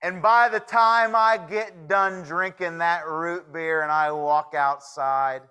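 Man doing a slow menacing cowboy. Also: on the high side, fairly even intonation, sharp tone, clear, resonant tone, pitched above the performer's own voice. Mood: threatening. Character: tough, menacing cowboy stranger.

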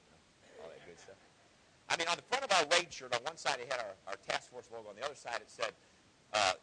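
A middle-aged man preaching a fervent sermon, swinging from loud exhortation to hushed personal storytelling. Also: medium pitch, a little hiss or hum, rough recording.

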